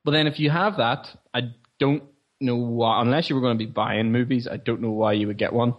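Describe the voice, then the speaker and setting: A man's voice: medium pitch, steady tone, brisk, highs cut off. A man co-hosting a podcast, chatting casually and with enthusiasm. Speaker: podcast co-host.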